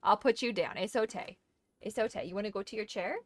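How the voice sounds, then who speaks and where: A woman's voice: medium pitch, fairly quick. A woman chatting casually while streaming a game, slipping into doting baby talk to her dog. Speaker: gaming streamer. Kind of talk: casual gameplay chat.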